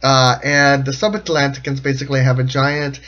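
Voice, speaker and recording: A man's voice: medium pitch, little pitch movement, a little fast, a bit bright. Rambling, jokey man, lo-fi sound. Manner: rambling, jokey, often laughing mid-sentence. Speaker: show commentator. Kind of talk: casual comedic commentary.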